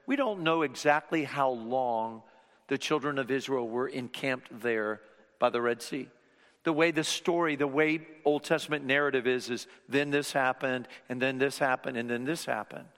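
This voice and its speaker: A man preaching a sermon as pastor, swinging between loud, emphatic passages and hushed whispers. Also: medium pitch, normal speed. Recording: reverberant hall.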